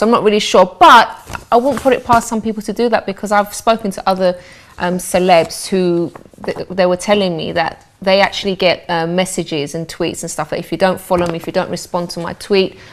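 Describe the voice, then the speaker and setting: Animated woman hosting a talk show. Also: on the low side, brisk, a little hiss or hum. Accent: London English. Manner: animated, repeats words when starting a thought. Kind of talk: studio talk show chat. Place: living-room studio.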